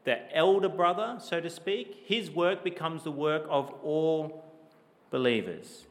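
Male preacher, a touch high-pitched, emphatic swells and quiet drops, reverberant church hall. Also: measured pace. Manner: emphatic, rhetorical questions, swells in volume then drops low. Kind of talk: sermon.

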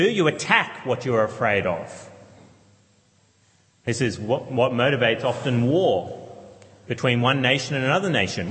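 A pastor delivers his sermon in an earnest, measured way, often repeating short phrases and posing questions to the congregation. His voice sits at an ordinary middle pitch. The sound carries a long reverb, as in a large church. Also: a bit bright. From Australia.

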